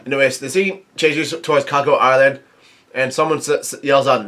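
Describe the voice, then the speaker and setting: Man, middle pitch, halting reader who recaps a comic chapter and reads the dialogue flatly. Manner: halting reading, quotes dialogue without acting it. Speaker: manga reviewer. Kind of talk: reading aloud and commenting on a comic chapter.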